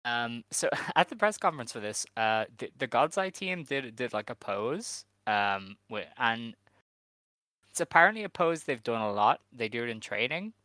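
A man's voice: medium pitch, big pitch swings, normal speed, sharp tone, no echo. A man co-hosting a casual podcast, running through events with dry sarcasm. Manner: dry, sarcastic rundown of the card. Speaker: co-host. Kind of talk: casual wrestling podcast chat.

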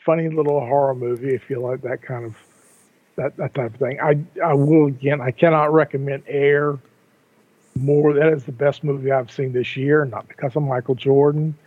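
An older man co-hosts a casual podcast, rambling along with frequent restarts and repeated words. His mid-range voice keeps a fairly even intonation at a normal speed. The line sounds tinny and phone-like, dry with no room sound.

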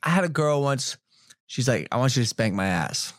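A man's voice: sing-song, moderate pace, dry recording. Guy in his 20s on a podcast, crude storyteller, voice jumps all over, dry close sound. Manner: crude, swings loud and high when telling stories. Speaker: podcast guest. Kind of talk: casual chat, animated storytelling.

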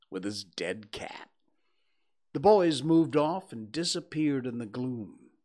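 A man reading a story aloud with slow, dramatic narration. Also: medium pitch. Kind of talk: audiobook narration.

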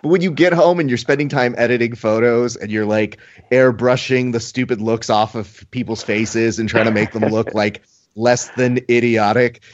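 A man's voice: mid-range voice, steady tone, normal speed. Podcast co-host, male, theatrical mock-outrage, somewhat muffled lo-fi sound. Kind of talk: casual banter, playful ranting.

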